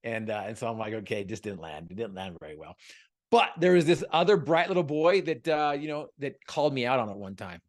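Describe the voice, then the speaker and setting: A man's voice: medium pitch, sing-song, fairly quick. A man giving a motivational talk as a guest speaker on a video call, joking and telling stories in an earnest, upbeat way.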